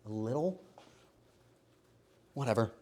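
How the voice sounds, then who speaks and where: A man live-streaming himself baking, joking to his chat and swinging between quiet mutters and loud outbursts. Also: medium pitch, expressive, slow. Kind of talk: casual live-stream commentary while baking.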